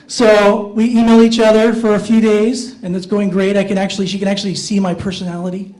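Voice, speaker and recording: A man with a high, light voice telling self-deprecating stories in a stand-up comedy set on a small theater stage. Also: level tone, fairly quick, a little mellow, poor audio. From Iowa, USA. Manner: self-deprecating storytelling, jumps up in pitch for inner thoughts.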